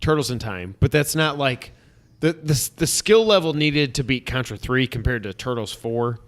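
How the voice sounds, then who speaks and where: A man hosting a casual chat with friends, animated and quick to act out stories with sound effects. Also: medium pitch.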